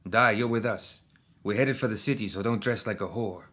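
A man's voice: lowish voice, moderate pace, bright, forceful tone, husky. A man voicing a crude, short-tempered male hybrid fighter who snaps and swears. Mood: gruff. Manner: snapping, profane.

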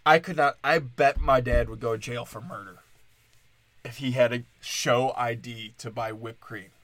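A man's voice: medium pitch, fairly even intonation, normal speed, a bit bright. A man from Wisconsin hosting a solo comedic rant, profane and sarcastic, swinging between mocking asides and exasperated outbursts.

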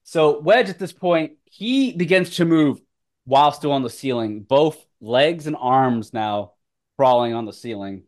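A man running a tabletop game as game master, swearing and laughing often, with loud outbursts. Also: medium pitch, lively intonation, a little slow.

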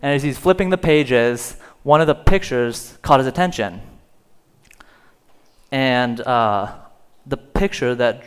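A man preaching from the pulpit, voice at an ordinary middle pitch. He tells the story casually, with little fillers, and pushes harder in the tense stretches. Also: animated, takes it slowly, smooth. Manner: storytelling, rising in volume for dramatic moments. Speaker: pastor. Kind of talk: sermon. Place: church sanctuary.

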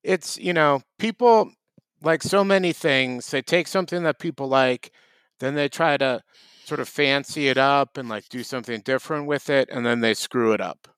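A man's voice: mid-range voice, normal speed, a bit bright, clear, resonant tone, no room sound. A man co-hosting a casual comedy podcast, arguing his points in a wry, mock-serious way. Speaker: podcast co-host.

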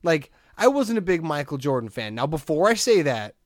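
A man hosting a podcast in casual chat, telling stories in a rambling, animated way and laughing often. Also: a little high, moderate pace, dry recording, clean studio sound. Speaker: podcast host.

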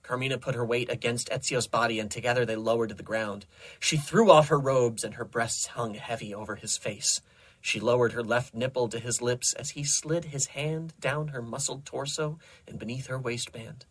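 A young man reading comedic fan fiction aloud in a dry, deadpan narrating voice. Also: mid-range voice, normal speed, husky. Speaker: host reading stories aloud.

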